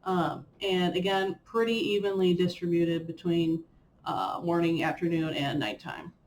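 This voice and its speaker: A woman's voice: on the low side, steady tone, unhurried, darkish tone, a little hiss or hum. A young woman vlogging in a chatty, rambling way with fillers and playful self-mockery. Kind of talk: casual chat reviewing a personal year.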